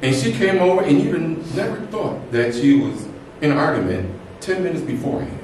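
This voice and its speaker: A man closes a storytelling evening with a chatty, animated anecdote, laughing and playing the people he quotes. His voice is fairly high and swings widely. He is picked up from far off in an echoey hall with faint noise. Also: brisk. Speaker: host of a storytelling event. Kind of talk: casual closing remarks and personal anecdote. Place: event hall with live audience.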